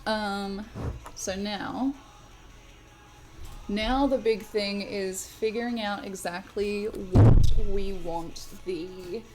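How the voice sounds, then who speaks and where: A woman talks her way through a craft stream at home in an unhurried, meandering way. She rambles and restarts her sentences often, and her voice sits at an ordinary middle pitch. Soft music plays faintly behind her. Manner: rambling, many fillers and restarts. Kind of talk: casual livestream chat while crafting.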